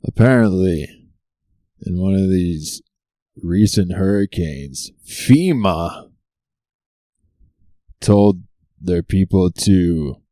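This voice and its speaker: A man with a low, dark voice riffs through a sarcastic comedy monologue as the show's host. He leans on rhetorical questions and unhurried timing. The sound is dry and close. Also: no room sound. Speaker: comedy talk show host. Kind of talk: stand-up style topical monologue.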